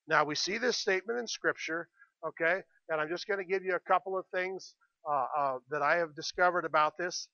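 A man's voice: on the high side, fairly quick, sharp tone, dry recording, muffled recording. A man preaching a sermon as pastor, earnest and checking in with the congregation, with a slightly sore throat. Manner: earnest, repeats "okay?" to the congregation.

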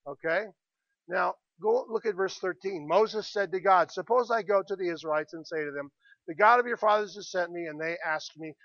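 Male pastor, earnest sermon delivery, slight sore throat; high, bright voice, dry and a little muffled. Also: vocal fry, no room sound. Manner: earnest, repeats "okay?" to the congregation.

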